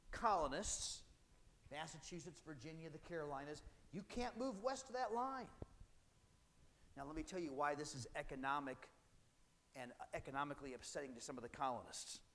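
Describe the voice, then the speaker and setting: A man's voice: fairly high pitch, a bit bright, big-room sound. A male history teacher giving a classroom lecture in a conversational way, now and then acting out historical speakers. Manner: conversational, acts out British and colonist voices.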